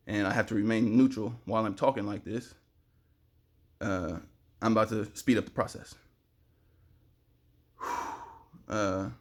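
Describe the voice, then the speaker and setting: In a mid-range voice, a young man pours out a fast, rambling spiritual talk straight to the camera. He's sweating from the heat and his excitement spills into sudden loud outbursts.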